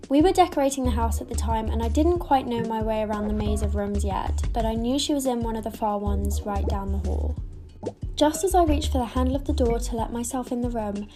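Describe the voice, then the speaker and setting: A woman tells an eerie childhood story in a measured, hushed delivery. Her voice is a little high. Clear music plays under the narration.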